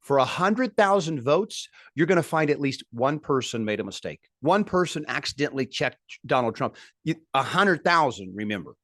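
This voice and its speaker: A man hosts a political commentary show in a dry, close-miked monologue. His voice sits in an ordinary middle pitch. He piles up indignant points in emphatic, rising bursts. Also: big pitch swings, moderate pace, a bit bright, no echo.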